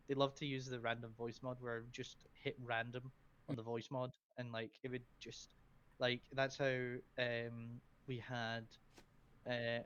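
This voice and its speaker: A man's voice: medium pitch, a bit bright, clear, resonant tone. A Scottish man chatting as a podcast guest, rambling with lots of fillers. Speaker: streamer guest. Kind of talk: casual podcast chat. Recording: dull lo-fi sound.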